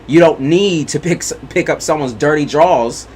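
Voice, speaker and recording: A man's voice: fairly high pitch, moderate pace, a little hiss or hum. A man giving a casual tarot reading monologue, blunt and profane, repeating his points for emphasis. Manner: blunt, profane and repetitive, hammering points home. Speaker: tarot reader.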